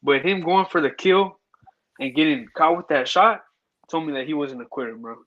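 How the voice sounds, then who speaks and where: A man's voice: fairly high pitch, moderate pace, highs cut off. A man co-hosting a casual boxing chat, laid-back, saying "bro" a lot.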